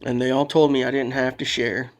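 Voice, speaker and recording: A man's voice: medium pitch, level tone, brisk, soft background music. A man, possibly, telling a personal story in a candid, emotional way, rambling and restarting as he talks. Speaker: podcast guest. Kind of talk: casual storytelling.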